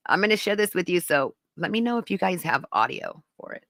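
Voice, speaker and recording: A woman's voice: mid-range voice, big pitch swings, brisk, a bit bright, no room sound. Chatty woman hosting a live stream. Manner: rambling, conversational, talks to viewers in the chat. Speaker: podcast host. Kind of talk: casual live-stream chat.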